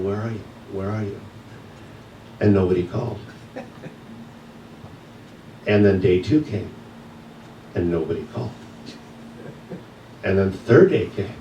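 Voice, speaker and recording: A man with a fairly low voice tells a personal story from the pulpit, earnest and reflective. He sounds set back from the mic, with the sound ringing around a large church room. A faint hiss sits under his voice. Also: a little mellow, roomy sound, far from the mic, highs cut off. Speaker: guest speaker at a church service. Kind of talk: personal testimony talk. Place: church sanctuary.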